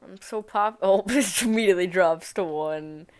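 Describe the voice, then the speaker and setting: Coding live on stream, a female game developer talks in a relaxed way, grumbling questions to her code and teasing herself, in a smooth, lowish voice at normal speed.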